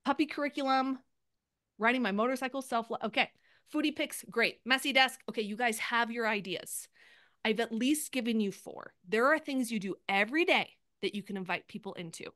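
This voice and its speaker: A woman's voice: a little high, fairly bright tone, dry recording, clean studio sound. Upbeat woman coaching on a video call. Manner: upbeat, rapid, acts out sample posts. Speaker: sales coach. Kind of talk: live group coaching call.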